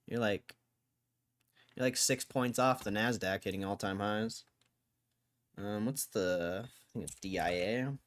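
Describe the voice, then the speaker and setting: A man's voice: on the low side, a little slow, pauses often. A young man from Connecticut hosting a livestream, reading headlines and making wry, offhand comments in casual chat. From Connecticut, USA. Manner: laid-back, wry, offhand remarks. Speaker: livestream host.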